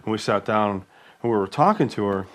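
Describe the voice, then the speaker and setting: A man's voice: lowish voice, animated, a little fast. A man co-hosting a casual talk, telling loose, filler-heavy travel stories. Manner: rambling, filler-heavy storytelling. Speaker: podcast co-host. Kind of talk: casual conversational chat.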